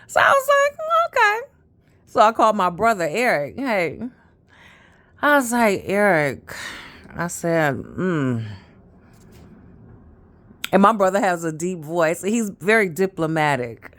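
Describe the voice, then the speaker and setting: A woman's voice: fairly low pitch, lively intonation, moderate pace, fairly bright tone. Chatty rambling woman in her fifties. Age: 50s. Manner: rambling, chatty, trailing off with fillers. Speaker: vlogger. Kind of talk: casual storytelling monologue.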